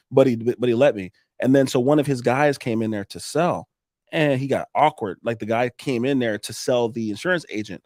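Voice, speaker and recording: In a casual interview, a man who works as a roofing contractor tells sales stories, playing both sides of each conversation and swearing freely. His mid-range voice has a darkish tone, recorded at studio quality with no room sound.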